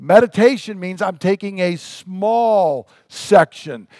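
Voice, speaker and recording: Man, pastor, earnest emphatic sermon, high voice, dry close sound. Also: takes it slowly, darkish tone, no echo. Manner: earnest, emphatic preaching with rhetorical questions.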